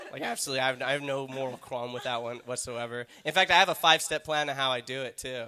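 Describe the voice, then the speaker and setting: Rambling self-mocking comedian, bright voice. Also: male voice, mid-range voice, fairly even intonation, fast talker. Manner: rambling, filler-heavy, self-deprecating. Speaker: stand-up comedian. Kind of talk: stand-up comedy set.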